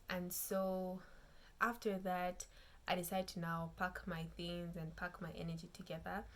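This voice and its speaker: A woman's voice: on the low side, fairly bright tone. Young woman vlogging candidly. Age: young adult. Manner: chatty, frank, keeps addressing viewers as "you guys". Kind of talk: casual storytelling vlog.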